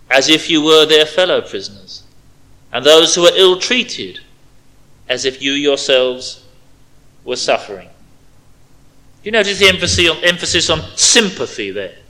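A man preaching an expository sermon, stressing key words and dropping to quiet asides. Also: on the high side, poor audio.

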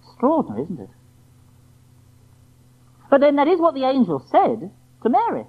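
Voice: high voice, huge pitch swings, moderate pace, long pauses. Preacher giving a sermon, emphatic, keeps asking the crowd questions, tinny lo-fi tape sound. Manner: rhetorical, emphatic, full of questions to the listeners. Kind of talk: evening sermon.

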